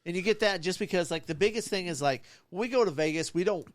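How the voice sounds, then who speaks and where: Joking male co-host, slightly high voice. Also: quick pace, dry recording. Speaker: podcast co-host. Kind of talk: casual live-stream chat.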